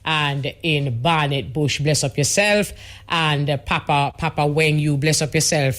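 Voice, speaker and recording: A woman's voice: deep voice, normal speed. Jamaican woman hosting a chatty radio show. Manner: chatty, easygoing, with patois greetings. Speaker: radio host. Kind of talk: radio call-in show reading listener messages. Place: radio studio.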